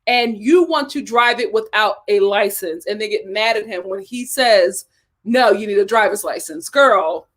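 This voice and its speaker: Chatty high-voiced woman live-streaming. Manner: chatty, animated, reads super chats aloud and laughs often. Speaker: live-stream host reviewing a reality show. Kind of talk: casual live-stream chat reading viewer comments.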